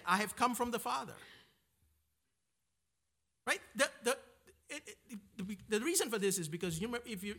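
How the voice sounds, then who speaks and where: A man with a high, bright voice teaches a Bible passage in an informal sermon. He keeps asking "right?" and circles back with frequent restarts and repeated words.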